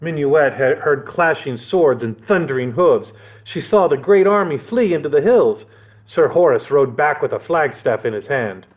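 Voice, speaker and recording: A male children's librarian reads a picture book aloud with playful asides. His voice is lively and sits a little high, and the audio sounds thin and phone-like. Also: normal speed.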